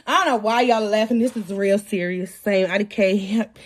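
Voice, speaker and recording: A young woman telling her own story to viewers in an animated, dramatic way, often laughing and swinging from loud to hushed. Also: mid-range voice, fast.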